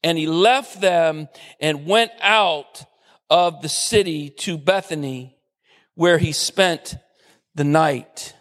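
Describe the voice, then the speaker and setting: A man preaching a sermon with passion, building to shouts at the high points. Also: slow pace. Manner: impassioned preaching, rising to shouts, voicing scoffing critics. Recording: long hall reverb.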